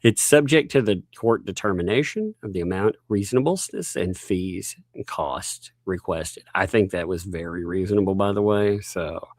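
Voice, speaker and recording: A man's voice: sits low, moderate pace, hardly any pauses, a little mellow, no echo, clean studio sound. A man hosting a casual livestream, reading legal documents aloud and joking between lines. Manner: reads court documents aloud with frequent laughs and asides. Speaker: livestream host.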